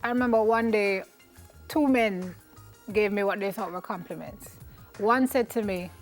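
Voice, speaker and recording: A woman's voice: medium pitch, normal speed, soft background music. A young Jamaican woman co-hosting a morning TV show, frank and teasing as she gives advice. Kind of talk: casual chat. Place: TV studio.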